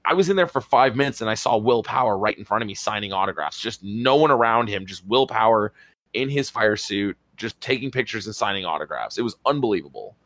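Low-voiced man in rambling podcast chat. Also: fairly quick, dry recording. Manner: rambling, excitable storytelling with casual swearing. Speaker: podcast co-host. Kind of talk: casual chat.

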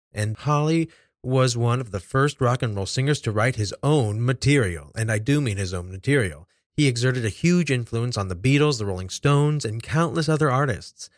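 A man at an ordinary pitch talks through a music countdown in a relaxed, casual way and drops in playful little jokes. The sound is close and dry, with no room around it. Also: no room sound. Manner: playful, jokey asides. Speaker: music show host.

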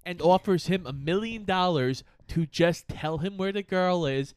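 A man joins a relaxed movie recap, stepping in to fill in plot points. His voice is smooth and clear, somewhat high for a man. The recording is dry and close. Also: unhurried, no room sound. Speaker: podcast co-host. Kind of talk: casual movie recap chat.

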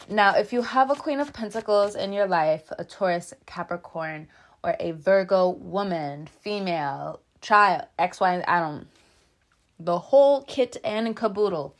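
A woman hosting a casual tarot reading from a room above her garage, chatty and rambling, laughing often between asides. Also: medium pitch. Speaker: tarot reader and channel host.

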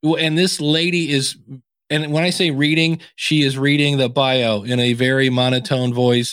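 Ohio guy chatting as a guest, lively, does little voices, slightly high, dry mic. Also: moderate pace, clear, resonant tone, dry recording. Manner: animated, acts out quoted voices with big pitch jumps. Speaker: podcast consultant guest. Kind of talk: casual interview chat.

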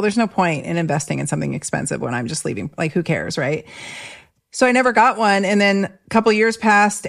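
Woman podcast host, middle-aged, chatty storyteller, low-ish voice. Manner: chatty, animated storyteller with frequent restarts and laughs. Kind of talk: casual conversational interview.

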